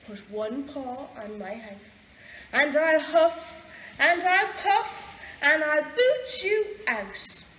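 A woman with an Irish accent voicing a rude little male pig who shouts and drags out his threats, in a storybook reading. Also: mid-range voice, takes it slowly, distant mic, close to an everyday voice. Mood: rude shouting. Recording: echoey library room.

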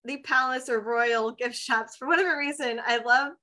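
A woman from the United States co-hosts a casual podcast chat, talking loosely and laughing often, trailing off with "like." Her voice is a little high and sharp in tone, at a moderate pace.

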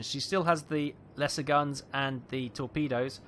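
A man giving tense, excitable live commentary on a naval battle game, calling out ranges and fire orders. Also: mid-range voice, moderate pace. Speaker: gameplay commentator.

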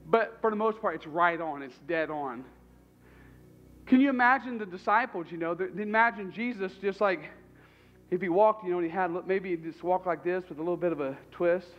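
A man's voice: high voice, brisk, highs cut off. A man preaching a sermon as pastor, talking conversationally and animatedly and repeating his phrases.

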